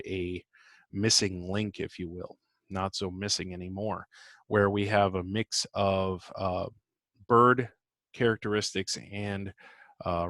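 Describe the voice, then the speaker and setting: Halting, low-voiced male biology lecturer. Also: fairly bright tone, no room sound. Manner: halting, with many fillers and self-corrections. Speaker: biology instructor. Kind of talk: recorded lecture.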